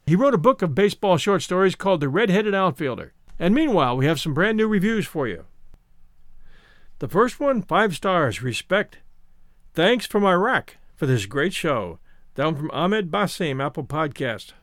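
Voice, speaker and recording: A man hosting a podcast and narrating classic short stories in an expressive, animated reading. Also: high voice, normal speed, dry recording, clean studio sound. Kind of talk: audiobook narration.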